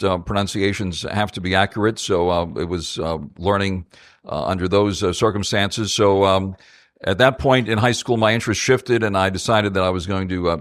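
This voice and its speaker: Man, moderator, low pitch, dry sound, measured, filler-heavy. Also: no echo. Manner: measured speaker with many fillers. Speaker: panel moderator. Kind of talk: panel talk to students. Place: auditorium event.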